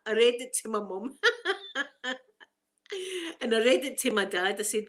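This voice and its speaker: A woman's voice: on the high side, very animated, a little slow, long pauses, a bit bright. A Scottish woman in her forties, chatting casually for an ASMR video, self-mocking and laughing often. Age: 40s. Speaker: ASMR creator.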